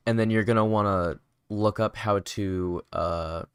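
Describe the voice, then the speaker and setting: A man's voice: fairly low pitch, fairly even intonation, measured pace, clean tone, dry recording, clean studio sound. A tired man livestreaming game development, casually chatting and answering viewer questions while he works. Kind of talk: casual livestream chat and coding explanation.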